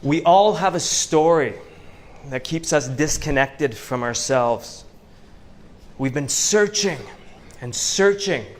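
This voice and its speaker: A Canadian man giving an inspirational talk to a live audience, telling stories with slow, dramatic pauses. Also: fairly high pitch. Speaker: motivational speaker. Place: event venue before a live audience.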